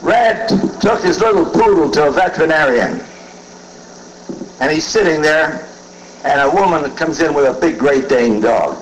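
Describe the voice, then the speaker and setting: A comedian at a roast, telling dirty jokes briskly and acting out each character's voice. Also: male voice, on the high side, lively intonation, a little hiss or hum, low-quality recording.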